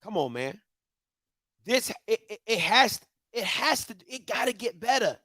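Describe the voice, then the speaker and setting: A man's voice: high-pitched, big pitch swings, a little slow, sharp tone, dry recording. A man delivers a heated, emphatic opinion rant. He hammers home repeated rhetorical questions. The sound is dry and close to the mic. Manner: emphatic, repetitive rhetorical questions, mock-voices others. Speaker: commentary show host.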